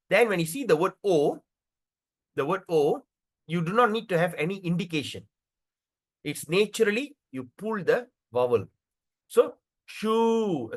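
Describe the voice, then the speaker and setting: A man teaching a devotional scripture class, checking in often with "okay" and "right", and spelling out pronunciation slowly. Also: sits high. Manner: lively, repeats words and checks in with "okay" and "right".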